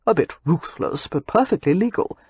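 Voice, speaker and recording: A woman's voice: deep voice, expressive, moderate pace, a little mellow, breathy edge, no room sound, dull audio, full character voice. A woman doing a polite English lord. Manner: genteel, polite.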